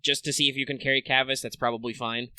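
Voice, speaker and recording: A man's voice: mid-range voice, little pitch movement, quick pace, bright, forceful tone, smooth, no echo. A man running a tabletop game as game master, rambling with many fillers and restarts.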